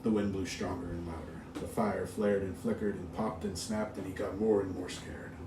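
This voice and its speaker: A man's voice: sits low, fairly even intonation, moderate pace. A man reading a ghost story aloud, dramatic and full of sound-effect words. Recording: roomy, distant mic with faint hiss.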